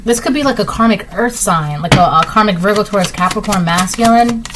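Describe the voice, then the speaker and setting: A woman doing a relaxed tarot reading at home, speaking at a middle pitch. She talks in a chatty, emphatic way, repeating phrases and using many fillers. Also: brisk, background noise. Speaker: tarot reader. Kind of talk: casual spoken tarot reading.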